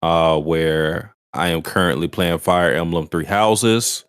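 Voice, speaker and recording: A man's voice: deep voice, steady tone, takes it slowly, fairly bright tone, smooth, no echo, clean studio sound. A man co-hosting an anime podcast, talking in a laid-back, plain way in casual chat. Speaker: podcast co-host.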